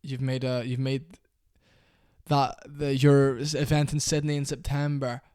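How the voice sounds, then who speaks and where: Guy ranting angry and sweary, flat monotone delivery, dry close sound. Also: medium pitch, a little slow, clean tone, dry recording. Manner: heated, profane, repetitive. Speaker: MMA commentator. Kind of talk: angry rant to camera.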